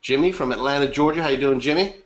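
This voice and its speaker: A man's voice: mid-range voice, quick pace, dull audio. A man hosting a live webinar, chatty and upbeat, greeting attendees by name and joking. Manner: upbeat, chatty, reading names aloud and joking. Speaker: webinar host.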